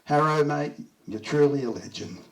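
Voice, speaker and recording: A man's voice: fairly high pitch, lively intonation, moderate pace, heavy background noise. Heartfelt Australian man, distant mic. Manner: heartfelt storytelling, chuckles through anecdotes. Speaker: eulogy speaker. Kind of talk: memorial speech. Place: memorial gathering.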